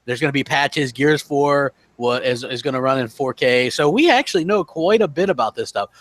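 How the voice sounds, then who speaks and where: A man co-hosting a casual gaming call-in show, chatty and quick to laugh. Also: medium pitch, animated, fairly bright tone, dry recording. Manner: chatty, laughs often, lots of filler phrases. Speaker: podcast co-host.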